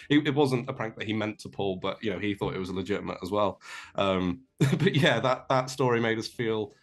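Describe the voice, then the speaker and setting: A man's voice: fairly low pitch, a little fast. Rambling young Englishman telling a story. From England. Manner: rambling, self-deprecating, many fillers and restarts. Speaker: guest. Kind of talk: casual storytelling. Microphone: remote call.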